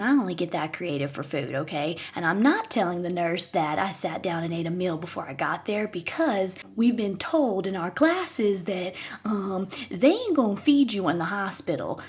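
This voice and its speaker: A woman's voice: on the low side, darkish tone. A woman in her thirties telling a comedic personal story to her viewers in a playful way, laughing often. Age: 30s. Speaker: vlogger.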